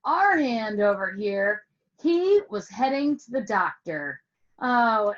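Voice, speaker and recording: Over an online call with screen sharing, a woman music teacher tells a playful story to get a lesson across, asking questions and drawing out words for emphasis. Her voice sits at a medium pitch, and the sound is lo-fi.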